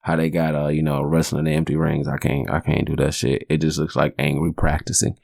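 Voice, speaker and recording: A man's voice: extremely low pitch, little pitch movement, fairly quick, gravelly, a little mellow, no echo, clean studio sound. A man in his forties hosting a podcast, telling stories in a rambling, profane, joking way. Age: 40s. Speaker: podcast host. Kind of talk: casual storytelling monologue.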